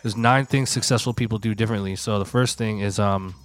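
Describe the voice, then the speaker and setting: A man's voice: on the low side, fairly even intonation, brisk, faint music behind. A man co-hosting a casual podcast chat, rambling loosely and reading aloud from a book. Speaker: podcast co-host.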